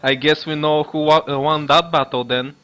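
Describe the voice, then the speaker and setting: Bright-voiced joking male player. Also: on the high side, fairly even intonation, moderate pace, clear, resonant tone. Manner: joking, laughs a lot. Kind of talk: casual tabletop play.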